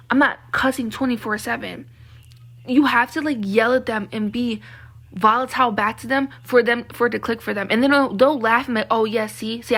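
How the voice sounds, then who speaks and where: Husky young woman ranting. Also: a little high, a bit bright. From Baltimore, Maryland. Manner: heated, profane, venting. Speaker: vlogger. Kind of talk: ranting monologue to camera.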